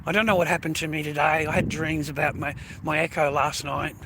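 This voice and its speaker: An Australian vlogger rants directly at his viewers, his voice on the high side with fairly even intonation and a slightly quick delivery over background noise. He swears heavily, repeats himself, and keeps calling them mate and boys.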